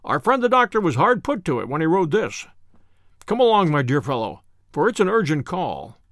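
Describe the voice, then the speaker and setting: A man's voice: fairly high pitch, very animated, moderate pace, fairly bright tone, dry recording, clean studio sound. A man reading a coolly analytical detective. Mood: assured. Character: cool, analytical male detective, confident.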